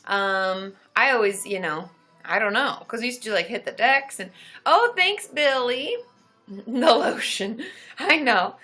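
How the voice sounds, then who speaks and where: A woman's voice: a little slow, soft background music. A woman in her thirties chatting casually on a live stream, greeting viewers by name and still groggy from waking up. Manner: chatty, greets viewers by name, loud high whooping cheers. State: just woken up, voice still groggy. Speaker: therapist hosting a live stream.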